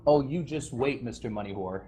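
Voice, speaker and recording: A man's voice: medium pitch, fairly quick, warm tone, faint music behind. Aggrieved rambling man on voice chat. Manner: rambling and aggrieved, with restarts and nervous laughs. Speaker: former game server staff member addressing players. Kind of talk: impassioned voice-chat speech. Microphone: voice chat microphone.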